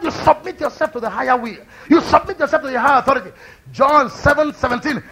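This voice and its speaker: A man preaching a fervent sermon, swinging from quiet speech to loud cries. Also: animated, fast. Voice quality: high, gravelly and husky, with shouted peaks. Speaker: pastor.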